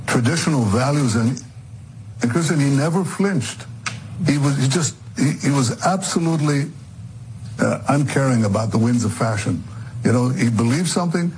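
A man, a political leader, answering interview questions earnestly, with halting restarts. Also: mid-range voice, darkish tone, a little hiss or hum, low-quality recording.

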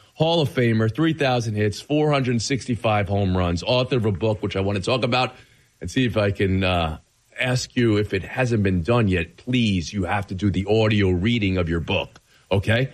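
A man filling in as host of a sports talk radio show, excitable and gushing, with his voice cracking. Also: fairly low pitch, normal speed. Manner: excitable, gushing, laughs easily.

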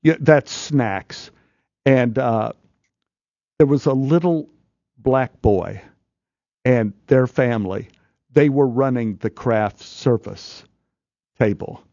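A male actor guest telling an animated anecdote in a studio interview, stammering, restarting and acting out voices. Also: medium pitch, slow pace, pauses often, no room sound, lo-fi sound. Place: radio studio.

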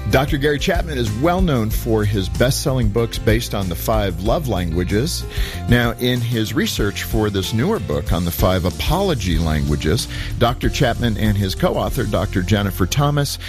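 A man's voice: fairly low pitch, normal speed, over music. A man hosting a radio program, introducing a guest in an explanatory way. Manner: explanatory, lively. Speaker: radio host.

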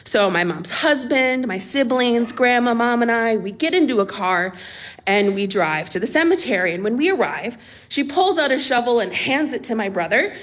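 A young adult woman telling a comic personal story on stage at a live storytelling event, animated and laughing as she talks. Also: on the high side. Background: audience laughter.

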